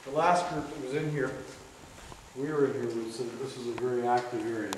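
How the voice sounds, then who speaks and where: A man paranormal investigator quickly explaining what another group reported, in a large empty building at night. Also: mid-range voice. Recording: very echoey room, faint noise.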